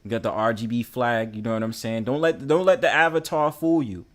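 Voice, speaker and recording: A man's voice: mid-range voice, steady tone, a little fast. A man with a New York accent hosting a casual livestream panel, teasing and bantering as he talks. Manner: bantering, repeats "you know what I'm saying".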